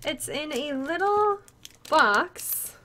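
A woman's voice: high-pitched, lively intonation, very slow, noisy background. A woman streaming live to her viewers, gushing and tearful as she opens a gift, exclaiming often. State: tearful, close to crying.

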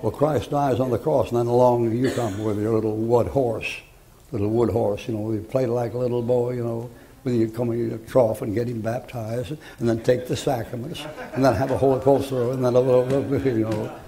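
A man's voice: medium pitch, steady tone, brisk, mellow. An older man preaching a folksy, joking sermon, rambling through homespun stories.

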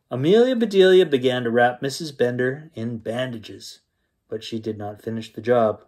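A man reading a children's picture book aloud as a bedtime story, in a lively, expressive manner. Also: mid-range voice, a little slow.

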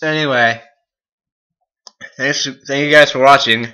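Young male vlogger, slow-talking and bright-toned, in pain and teary, cursing and laughing. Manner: swearing, groaning and laughing through a hot sauce challenge; muttering low asides. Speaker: YouTuber. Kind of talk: casual vlog.

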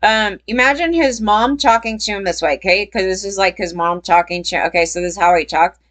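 A woman's voice: mid-range voice, a little fast, a bit bright. A woman giving casual commentary on a story, rambling and breaking into heated quotes.

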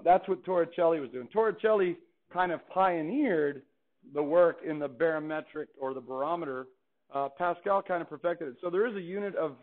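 A man teaching a calculus class in a chatty, playful way, often asking the students questions. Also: on the high side. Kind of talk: classroom lecture. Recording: tinny phone-like classroom recording.

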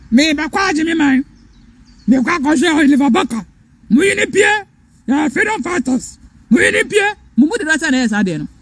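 A Ghanaian woman hosting a live stream, lecturing fiercely and repeating her points. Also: sits high. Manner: fiery, lecturing, repeats phrases, switches between English and Twi. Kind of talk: impassioned live-stream rant.

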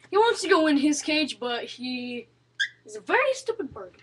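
A woman's voice: high-pitched, very animated, normal speed, fairly bright tone, a little hiss or hum. A young woman casually vlogging at home, chatting to the camera and cooing at her pets. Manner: chatty, talks baby talk to pets. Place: at home indoors.

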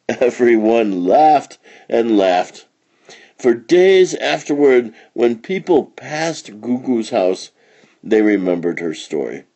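A man reading a children's picture book aloud in an expressive, storytelling manner. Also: medium pitch, takes it slowly.

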